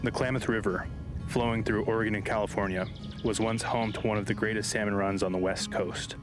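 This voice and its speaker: A man giving measured, scripted documentary narration. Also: fairly low pitch, fairly even intonation. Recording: narration over guitar music.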